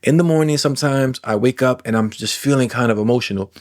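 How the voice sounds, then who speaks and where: A man in his forties, a coach for trauma clients, talking casually to camera in a self-help monologue, animated, drawing out words for emphasis and acting out inner voices. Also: mid-range voice. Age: 40s. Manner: animated, acts out inner voices and imagined replies, drawn-out emphasis.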